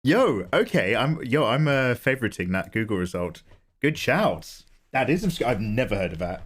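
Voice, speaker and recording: Casting: english male streamer, lively sing-song delivery, chatty and self-mocking. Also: medium pitch, normal speed, husky. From England. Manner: chatty, greets viewers, self-deprecating jokes. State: sleepy, low energy. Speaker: livestream host, illustrator. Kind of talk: casual livestream chat.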